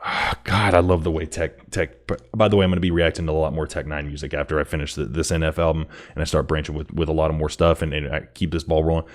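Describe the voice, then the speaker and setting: A man with a very deep voice gives casual reaction commentary on a rap song. He talks in halting bursts, repeating words as he thinks aloud, and his pitch leaps up when he gets excited. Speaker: music reaction host.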